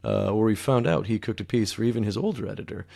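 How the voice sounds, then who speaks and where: Gravelly man cracking dry podcast jokes. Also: lowish voice, fast, mellow. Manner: dry joking asides. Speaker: podcast co-host. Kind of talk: casual movie review chat.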